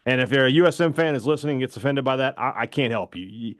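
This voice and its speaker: A man co-hosting a sports talk radio show, telling stories and giving takes in an animated, fast-bursting way. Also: medium pitch, dry recording, studio quality. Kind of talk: casual sports talk chat.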